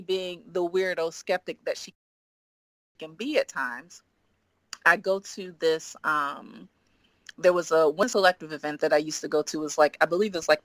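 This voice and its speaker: A woman guest on a podcast telling a story in animated chat, often acting out what she and others said. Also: fairly low pitch, dry recording. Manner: lively, quotes herself and others in acted voices, frequent "like".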